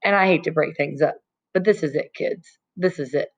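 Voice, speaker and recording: A precocious little boy, read by a woman, speaks quickly and eagerly, brimming with urgency. The sound is slightly dull and lo-fi. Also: sits low. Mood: excited.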